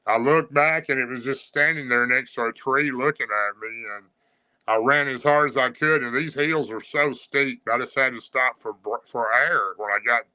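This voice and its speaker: A man tells a personal story as a guest, in a casual, rambling way full of pauses and restarts. His voice is very bright and sharp. His pitch sits in an average range. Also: rough recording. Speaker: guest recounting encounters.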